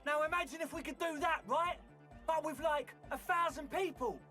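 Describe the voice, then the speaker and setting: An excitable young guy, as a man puts him on in a bright, strained falsetto, gushing with hype. The pitch is pushed high, and the voice sounds a little distant with faint music underneath. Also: moderate pace. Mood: hyped.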